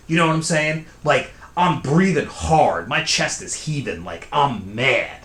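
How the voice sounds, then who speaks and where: Man, slow-paced storyteller, animated lively pitch, bright voice, echoey room, casual spooky tale. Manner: slow, conversational, often asking "okay?". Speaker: storyteller host. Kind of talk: casual spoken horror storytelling.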